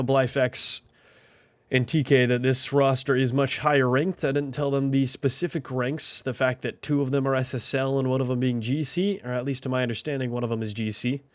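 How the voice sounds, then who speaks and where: A man's voice: medium pitch, clean tone, no room sound. A man hosting a game tournament stream, chatting casually and thinking aloud with lots of fillers. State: out of breath. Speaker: tournament host. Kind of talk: casual livestream commentary.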